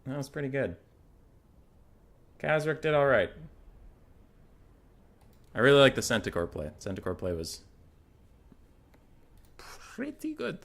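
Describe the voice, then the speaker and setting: A man's voice: mid-range voice, lively intonation, unhurried, long pauses, a bit bright. A man casually commentating a strategy game match in a jokey, irreverent way, swearing freely. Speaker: gamer.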